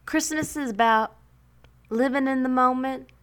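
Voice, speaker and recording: A man voicing a gentle female Christmas tree spirit in a serene, sing-song way. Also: very high voice, a little slow, smooth, voice pushed up.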